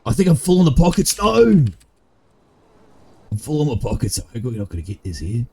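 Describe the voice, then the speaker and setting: A man's voice: mid-range voice, very animated, fairly quick, darkish tone, husky. A man with an Australian accent, swearing and bantering in a roleplay game stream. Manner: crude, swearing banter in broad slang. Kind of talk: roleplay gaming chat.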